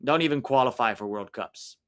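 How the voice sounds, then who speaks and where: A man's voice: medium pitch, fairly quick, fairly bright tone, clean tone. Opinionated man ranting over a live match. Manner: opinionated, ranting, reacting to play. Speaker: livestream watch-along host. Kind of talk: casual live match commentary.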